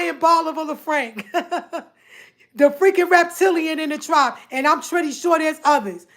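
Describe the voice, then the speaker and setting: A woman telling a personal story to her viewers in a casual, animated way, often acting out what others said. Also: high voice, moderate pace. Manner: animated, repeats herself, quotes others in dialogue.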